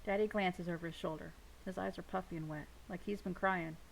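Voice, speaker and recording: A woman reads a novel aloud in a steady first-person narrating voice. Her tone has a noticeable gravelly grain, and a faint hiss sits under the recording. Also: fairly low pitch, brisk, rough recording. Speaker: audiobook reader.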